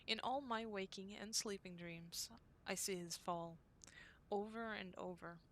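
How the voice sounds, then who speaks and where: A woman reading aloud the diary entries of a young woman devoted to her brother, in an earnest, unhurried way. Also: medium pitch, slight background noise, lightly acted. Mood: anxious.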